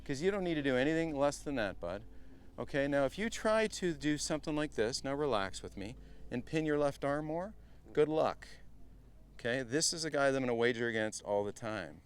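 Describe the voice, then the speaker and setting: A middle-aged man runs a live golf clinic, speaking with a smooth, resonant voice at a mid pitch. He is chatty and energetic, often turning to the group as "guys". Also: brisk. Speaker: golf instructor.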